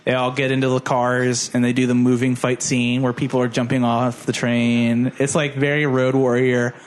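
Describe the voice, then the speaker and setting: A man's voice: mid-range voice, monotone, moderate pace. A young man on a casual podcast, animatedly retelling a film plot with lots of "like" and silly character voices. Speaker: podcast co-host. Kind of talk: casual movie plot recap.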